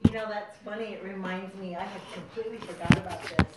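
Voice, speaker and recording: A woman's voice: mid-range voice, fairly even intonation, quick pace. A woman telling a rambling family story in a casual, laughing way, heard in a roomy space from a distance. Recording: roomy distant sound, faint noise.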